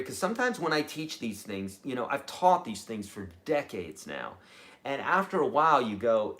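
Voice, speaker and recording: A middle-aged man at a medium pitch, running a live guitar lesson with questions from viewers. He talks in an animated, chatty way and keeps checking in with his audience. His tone is easygoing and encouraging. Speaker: guitar teacher.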